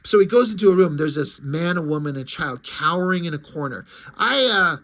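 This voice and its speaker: A man's voice: fairly high pitch, animated, fairly quick, fairly bright tone. A man casually walking through a comic book, chatty and swearing freely.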